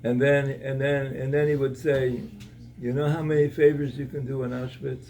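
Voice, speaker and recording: A man giving a Torah talk at an evening gathering, telling a story in a halting way, with many repeated words and restarts. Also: mid-range voice, little pitch movement, a little mellow, distant mic, a little hiss or hum, rough recording.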